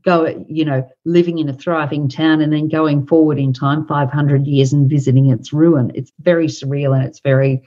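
A woman and author talking casually on a podcast, thoughtful and hesitant with many pauses and fillers. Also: sits low, fairly even intonation, dark tone, highs cut off. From Australia. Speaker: author and guest.

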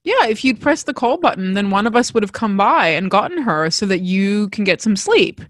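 A woman voicing a brisk, unsympathetic female hospital nurse who talks in a matter-of-fact, patronizing way. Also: medium pitch, big pitch swings, fairly bright tone, no room sound.

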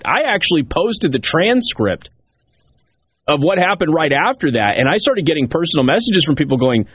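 A talk show host delivering political commentary in an emphatic way, hammering key points by repeating them. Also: male voice, a little high, very animated, a little fast, breathy edge, no echo.

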